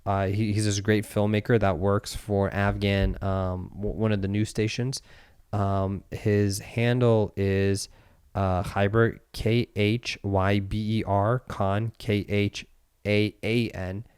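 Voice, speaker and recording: A man's voice: on the low side, level tone, takes it slowly, a little mellow, smooth, no echo, studio quality. A man in his thirties in casual podcast chat, telling a story animatedly and acting out the voices of the people in it.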